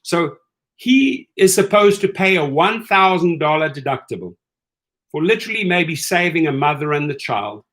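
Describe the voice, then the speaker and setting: Middle-aged male host, slightly high voice, ranting casual commentary, animated and incredulous. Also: moderate pace. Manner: animated, incredulous, acts out quoted lines.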